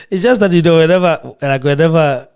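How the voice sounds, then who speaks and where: A man's voice: fairly high pitch, a little mellow, smooth. A man hosting a podcast, speaking in an impassioned, emotional monologue with a preacher's fervor. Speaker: podcast host. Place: radio studio.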